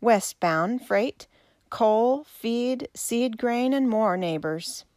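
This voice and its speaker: A proud frontier man drawls his words and pushes back hard, as a woman reads him. He turns loud and forceful, and the voice sounds dry and close. It comes from a storybook reading. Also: fairly high pitch, very slow, no room sound, voice pushed up. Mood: defiant.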